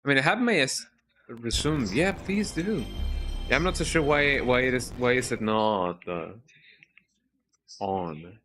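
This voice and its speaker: Bright-voiced man streaming a game. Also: mid-range voice, expressive, soft background music. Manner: self-talking, worried, halting restarts. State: sleepy, yawning. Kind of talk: casual live gameplay commentary.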